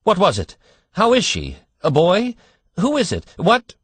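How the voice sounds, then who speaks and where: A frantic young Southern gentleman pleads with nervous, breathless urgency, his voice pitched high and leaping wildly up and down, as a man narrator puts him on. The sound is close and dry. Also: huge pitch swings, normal speed, no echo, exaggerated voice. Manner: breathless, panicky questioning.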